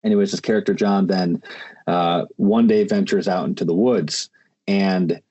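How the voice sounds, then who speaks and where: A man's voice: sits low, fairly even intonation, moderate pace, warm tone, breathy edge, muffled recording. A man hosting a podcast, chatting casually and rambling with many restarts and fillers. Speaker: podcast host. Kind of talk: casual conversation.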